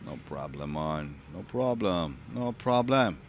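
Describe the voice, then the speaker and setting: A man's voice: low voice, slow, dull audio. A man with a Swedish accent, a streamer chatting casually and joking while playing a driving game. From Sweden. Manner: relaxed, joking, thinks aloud. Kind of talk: casual gameplay commentary. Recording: loud engine noise under the voice.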